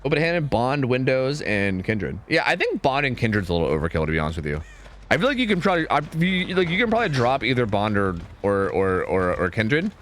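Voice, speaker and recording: A man streaming a game, chatting excitedly and swearing as he talks to his teammates and viewers. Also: mid-range voice, slight background noise. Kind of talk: live gameplay commentary.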